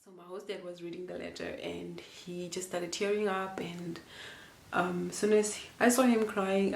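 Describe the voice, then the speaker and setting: A woman's voice: on the low side, fairly even intonation, moderate pace, gravelly, roomy sound, a little hiss or hum. A young woman from Namibia telling a personal story to camera in a casual, rambling and emotional way, with many fillers and restarts. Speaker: vlogger.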